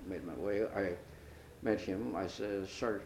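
An older man, a retired professor whose first language is Chinese, recalls his past in an oral history interview, speaking haltingly with many hesitations and restarts and switching into Chinese. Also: low-pitched, vocal fry, darkish tone. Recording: roomy, dull archival tape with faint hiss.

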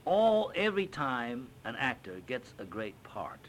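An older man and stage actor, recounting an anecdote in an interview as an animated storyteller who acts out quotes with frequent fillers. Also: mid-range voice, a little slow, a little hiss or hum.

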